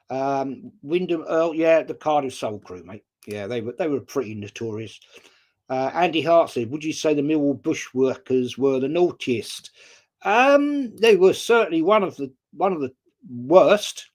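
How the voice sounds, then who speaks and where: A man's voice: on the high side, animated, measured pace, darkish tone. Chatty sixty-something English man. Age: 60s. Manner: chatty storyteller, swears casually, greets viewers by name. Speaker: live stream host. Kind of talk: casual chat reading viewer comments.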